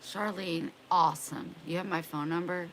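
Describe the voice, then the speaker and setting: A woman's voice: fairly low pitch, fairly even intonation, moderate pace, a bit bright, slight background noise, low-quality recording. A young woman chatting casually on a livestream, drawling and greeting viewers by name. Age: young adult.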